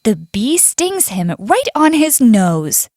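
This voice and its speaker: A young woman with an Indonesian accent reading a fable aloud for a class in a slow, expressive way. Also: fairly high pitch, dry recording. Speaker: student presenter. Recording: faint background music.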